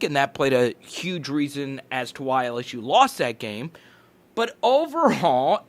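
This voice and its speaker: A man hosting a sports channel, giving energetic, fast-talking commentary and sometimes correcting himself mid-sentence. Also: a little high.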